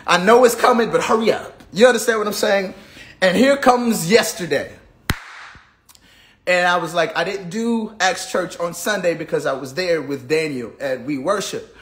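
Guy with a high voice telling his testimony, goes quiet then fired up, whoops a lot. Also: moderate pace. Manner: repetitive, builds from hushed to fervent; sudden whoops. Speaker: gospel singer giving a testimony. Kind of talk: personal testimony, preaching cadence.

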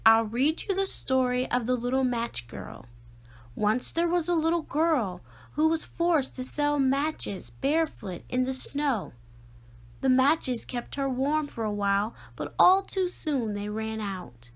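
A woman voicing a patient but tired mother who speaks calmly and firmly at bedtime. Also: sits high, unhurried. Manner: calm, firm.

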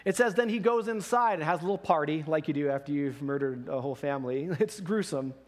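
A man preaching in a church, retelling a story in a casual, animated way, laughing along. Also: on the high side, fast talker. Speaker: pastor. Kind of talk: sermon.

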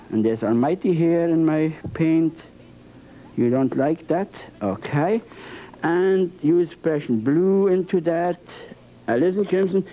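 A man's voice: on the high side, a little hiss or hum. A man teaching a painting lesson, talking with emphatic, playful repetition. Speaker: painting instructor. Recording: dull lo-fi broadcast sound.

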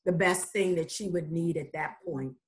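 A woman's voice: on the low side, moderate pace. Earnest woman giving encouragement. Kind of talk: casual group discussion.

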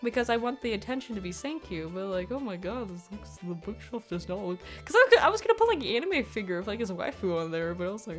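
A woman's voice: medium pitch, very animated, a little fast, soft background music. A young woman giving casual, rambling commentary over a speed paint, giggling often and poking fun at her own work. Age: young adult. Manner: giggly, rambling, self-deprecating. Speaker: digital artist.

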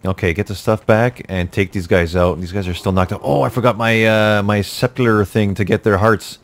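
Low-voiced man narrating his gameplay. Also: steady tone, moderate pace. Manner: talks to himself, jokey, exasperated outbursts. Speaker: gaming YouTuber. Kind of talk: casual gameplay commentary.

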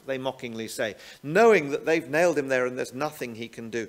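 A man's voice: mid-range voice, animated, fairly quick. A man preaching a sermon, often ending points with rhetorical tag questions. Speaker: pastor.

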